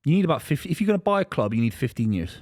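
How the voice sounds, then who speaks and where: Brief: rapid, animated male football debater, close dry mic. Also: medium pitch, no room sound. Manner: quick and argumentative, full of stats and comparisons. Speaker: podcast co-host. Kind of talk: casual football chat.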